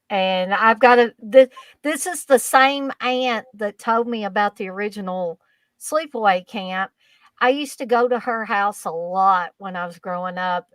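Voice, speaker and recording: A woman guest tells a childhood story on a casual podcast in an easygoing, unhurried way. Her voice sits in a middle range, and the recording is dry and close. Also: medium pitch, a bit bright, no echo.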